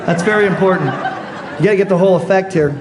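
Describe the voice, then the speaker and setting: A man giving a keynote speech on stage, telling a story and acting out the dialogue in an animated way. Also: high voice, fast, crowd noise. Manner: animated, acts out quoted dialogue. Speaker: motivational speaker. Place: on stage before a live audience. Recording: live audience laughter, noisy room.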